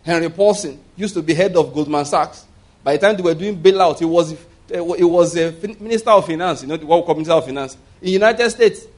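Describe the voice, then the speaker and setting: Male preacher, slightly high voice, conversational sermon with call-and-response. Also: fairly quick, darkish tone.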